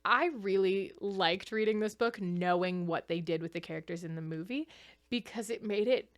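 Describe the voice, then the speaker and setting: A young woman talks through a casual commentary video essay in a chatty, animated way. She laughs often between points. Her voice sits at an ordinary middle pitch. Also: normal speed.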